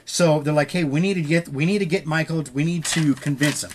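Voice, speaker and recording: A man's voice: fairly high pitch, brisk, few pauses. A man hosting a podcast, casually retelling a story with loose quoted dialogue and frequent swearing. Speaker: podcast host.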